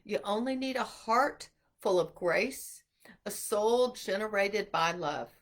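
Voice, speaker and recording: A middle-aged woman giving an earnest, animated inspirational talk to mothers about homeschooling. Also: medium pitch, slow pace. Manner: animated, earnest, acts out quotes. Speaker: homeschool speaker.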